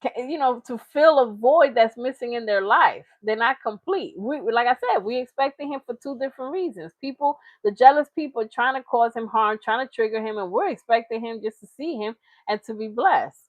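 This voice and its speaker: A woman's voice: fairly high pitch, a little fast, hardly any pauses, no room sound, highs cut off. A woman hosting a reaction channel, talking in casual, chatty commentary with frequent laughs. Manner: chatty, laughing, slips into mocking impressions.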